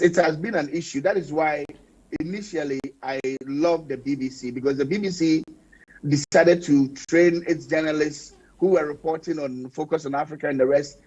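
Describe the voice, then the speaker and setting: A man speaking as a panelist on a TV talk show, telling stories in an animated, emphatic way. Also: on the high side, husky. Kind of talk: panel discussion. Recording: dull lo-fi broadcast sound.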